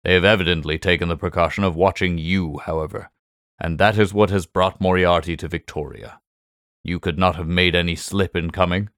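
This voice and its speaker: Sherlock Holmes, as a deep-voiced man reads him. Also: no room sound, clean studio sound. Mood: calm. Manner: calm, measured, quietly superior. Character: cool, brilliant male detective, middle-aged. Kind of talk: audiobook character voice.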